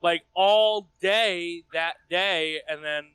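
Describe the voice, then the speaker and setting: A man's voice: high-pitched, extremely slow, fairly bright tone, smooth, dry recording. A young man who is a podcast regular, speaking emphatically and dramatically, with swearing, over a call. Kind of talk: casual chat.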